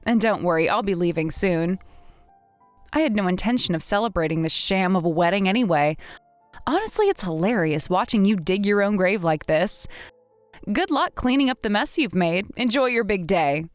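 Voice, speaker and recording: Woman as fed-up young woman, firm and indignant, lively pitch. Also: moderate pace, no room sound, soft background music, natural voice. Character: fed-up young woman confronting her rival. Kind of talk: text-message drama reading.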